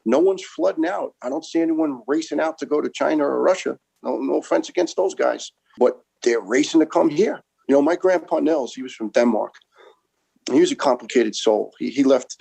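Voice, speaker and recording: A man's voice: medium pitch, creaky, mellow, breathy edge, poor audio. A middle-aged man from Brooklyn, a former first responder giving an earnest, impassioned interview and repeating words as he builds each point. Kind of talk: conversational interview.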